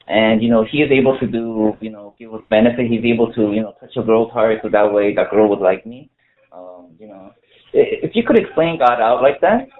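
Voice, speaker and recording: A man gives a relaxed, chatty sermon, leaning on "you know" and restarting his sentences as he goes. His voice sits at an ordinary middle pitch. The recording is thin and tinny, like it came over a phone line. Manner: conversational, full of "you know" fillers and restarts. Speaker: pastor. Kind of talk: casual sermon to a small congregation.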